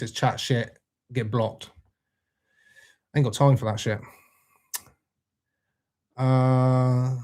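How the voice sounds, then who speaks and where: A man's voice: mid-range voice, darkish tone. Laid-back man reading live chat. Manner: laid-back, swears freely, greets viewers by name. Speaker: livestream host reading chat.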